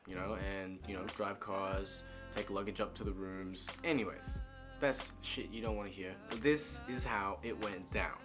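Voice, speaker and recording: Casual man telling a story. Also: on the low side. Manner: casual, swearing, chatty with frequent "right?". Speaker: vlogger. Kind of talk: storytime monologue. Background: music.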